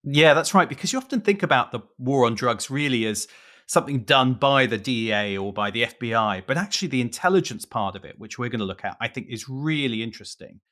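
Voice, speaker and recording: A British man co-hosting a conversational podcast, his pitch sitting in an ordinary middle range but moving a lot as he speaks. He leans hard on key words and sometimes draws them out for emphasis. The delivery is animated, with plenty of rise and fall from phrase to phrase. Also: quick pace. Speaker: podcast co-host.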